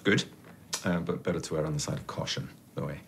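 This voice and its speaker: An actor playing a polite, measured heart consultant speaking to a patient. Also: male voice, rumbling low, fairly even intonation, a bit bright, slight background noise. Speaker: doctor. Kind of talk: TV soap drama acting.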